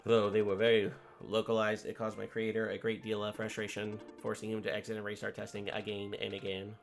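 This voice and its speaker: A man's voice: on the low side, monotone, creaky, soft background music. A man voicing a remorseful game-world machine. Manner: earnest, halting confession. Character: gentle computer program that runs a game world, apologetic.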